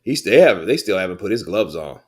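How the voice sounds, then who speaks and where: A man hosts a boxing livestream, reading chat and chatting loosely with viewers, rambling, swearing and laughing between thoughts. His low-pitched voice is sing-song and brisk, with a breathy edge.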